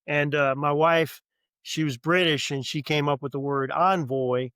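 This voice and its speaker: A man's voice: a little high, fairly even intonation, measured pace, fairly bright tone, smooth, dry recording. A middle-aged man with a New Orleans accent, a podcast guest chatting casually and telling stories with easy humor. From New Orleans, Louisiana. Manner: easygoing storyteller, joking. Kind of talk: casual chat.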